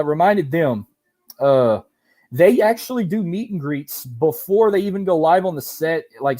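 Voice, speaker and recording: A man guesting on a podcast interview, telling loose, animated stories with casual swearing. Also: fairly high pitch. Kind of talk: casual chat.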